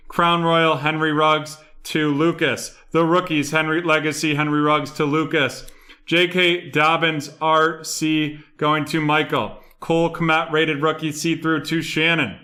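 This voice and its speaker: Bright-voiced man reading off a rundown. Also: fairly high pitch. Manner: rattles off names and buyers in a steady rundown. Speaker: card break host. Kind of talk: live stream card break rundown.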